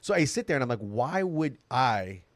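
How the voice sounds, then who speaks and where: A man's voice: mid-range voice, very animated, moderate pace, no room sound. A man on a podcast panel in casual political chat, talking loosely and tagging his points with "right?". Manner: conversational, repeats words, hedges with "right?".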